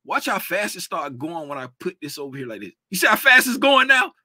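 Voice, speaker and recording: Man streamer, slightly high, very bright tone, unhurried and chatty, dry room. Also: sing-song, slightly rough, no echo. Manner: loose, distractible, talks straight to chat. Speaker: trading educator. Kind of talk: casual livestream chat.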